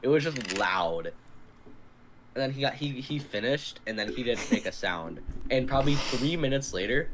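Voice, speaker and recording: A man's voice: medium pitch, lively intonation, moderate pace, background noise. A young man telling a rambling, swearing school story in casual chat and laughing often. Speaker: podcast co-host.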